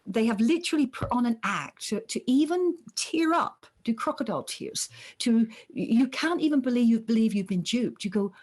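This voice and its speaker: A woman's voice: on the high side, normal speed. A middle-aged woman, a psychologist, explaining ideas in a conversational podcast interview and acting out the voices she quotes. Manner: animated, acts out quoted voices. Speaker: psychologist guest.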